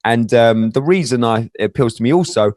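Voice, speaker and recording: A man's voice: medium pitch, expressive, brisk, darkish tone, no room sound. Rambling man, dry sound. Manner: rambling storyteller, many fillers and restarts. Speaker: podcast guest. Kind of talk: casual interview chat.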